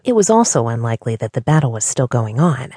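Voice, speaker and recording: A woman narrates an audiobook with expressive storytelling, her breathy voice lively and wide-ranging in pitch. She talks fast, and the recording is close and dry.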